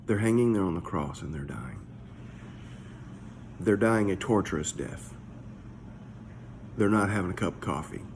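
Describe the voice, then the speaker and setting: A man's voice: low voice, animated, moderate pace, pauses often, slight background noise. A man, a pastor, giving a casual morning devotional in a conversational, searching way, often repeating his words. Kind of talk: short devotional talk.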